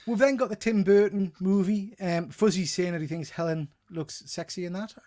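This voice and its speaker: Agreeable male host with a higher voice. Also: normal speed, warm tone. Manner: agreeable, keeps the talk moving. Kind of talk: casual chat.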